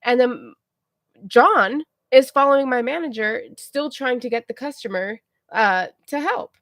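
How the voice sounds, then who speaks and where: A woman livestreamer telling a story to her viewers in a casual, animated way, often checking in with them. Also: fairly high pitch, a little slow, no echo, clean studio sound. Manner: chatty, animated retelling, keeps checking in with "okay?".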